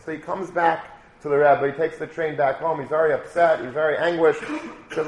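A man with a high voice tells stories as a sermon, looping back over his own phrases until he lands them with force. The sound bounces around an echoey room. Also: fairly even intonation, fairly quick. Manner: repetitive, builds to emphatic declarations. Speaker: religious speaker. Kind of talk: storytelling sermon.

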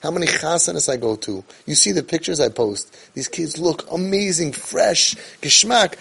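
A man's voice: fairly high pitch, expressive, normal speed, gravelly, a bit bright, husky. A man, speaking with emotion to parents as a parenting coach and mixing in Yiddish and Hebrew words. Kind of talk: impassioned talk to parents.

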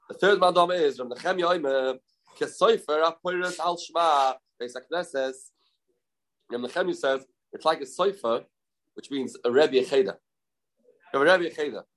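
A man leads a Talmud lesson in a middle-pitched voice that rises and dips as he intones verses in sing-song, then he goes back to explaining. Over and over, he quizzes his listeners and answers his own questions.

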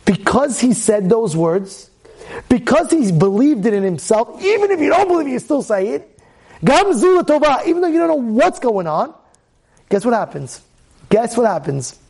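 A man with a high voice teaches a Torah lesson as a lively story. He keeps firing repeated rhetorical questions at his listeners and suddenly gets loud at the big moments. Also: normal speed, slightly rough.

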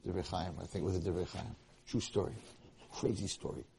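Guy telling a story in a torah class, warm mellow tone, keeps repeating himself. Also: deep voice, fast, vocal fry, slight background noise. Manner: animated, repetitive storyteller with frequent restarts. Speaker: Torah lecturer.

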